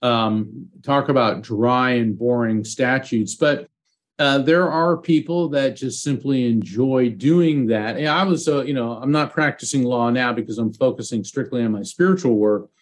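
A man's voice: mid-range voice, moderate pace. A man, a psychic medium being interviewed as a guest, telling a personal story in an earnest, heartfelt way.

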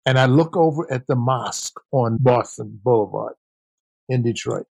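Speaking at a moderate pace in a mid-range voice that's slightly rough with vocal fry, a former basketball player and coach, now an older man, answers an interview with stories. He's animated and imitates the voices of the people he describes, and there's no room sound.

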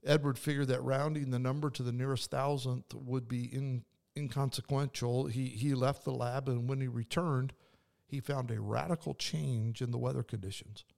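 Gravelly-voiced man giving a devotional talk. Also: mid-range voice, fairly even intonation, normal speed, darkish tone. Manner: earnest, conversational, with frequent restarts. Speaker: podcast host and preacher.

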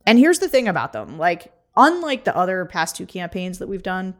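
Brisk lower-voiced woman co-host. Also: big pitch swings. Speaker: podcast co-host and political campaigner. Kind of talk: casual political chat.

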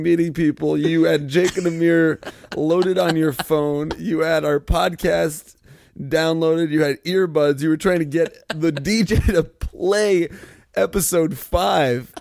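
Gravelly deadpan man, teasing co-host. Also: on the high side, unhurried, no room sound. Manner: deadpan teasing, laughs often. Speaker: podcast co-host. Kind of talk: casual comedic chat.

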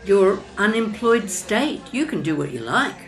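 A woman's voice: mid-range voice, very animated, a little slow, poor audio. A woman who narrates and chats with a stranger in a café, asking curious, friendly questions. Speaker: narrator and café conversation partner. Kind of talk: casual scripted dialogue with narration.

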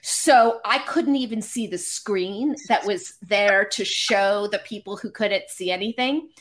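Woman, podcast guest, animated, self-deprecating, casual storytelling, mid pitch. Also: unhurried.

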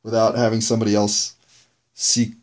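A man's voice: on the low side, monotone, a little fast. A man hosting his own podcast, rambling through a reflective and self-critical solo monologue. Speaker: podcast host reviewing his own episodes.

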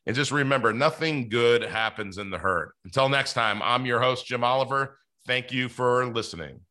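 A man's voice: medium pitch, lively intonation, normal speed, pushed and bright. A man hosting a podcast interview, chatting casually with lots of fillers and restarts. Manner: rambling, many fillers and restarts. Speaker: podcast host.

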